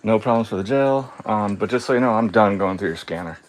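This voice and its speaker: A man talking on his live stream in a casual rant, sarcastic and mocking, often laughing, swinging between calm and heated. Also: on the low side, fairly quick. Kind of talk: casual ranting monologue.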